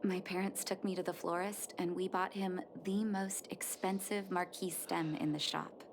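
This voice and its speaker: A woman voicing a gentle young doctor. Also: on the low side, fairly even intonation, normal speed, background noise, lightly acted. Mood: reflective. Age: young adult. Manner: gentle, heartfelt, softly emotional. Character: earnest young woman doctor returning home. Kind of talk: game dialogue and narration. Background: game music.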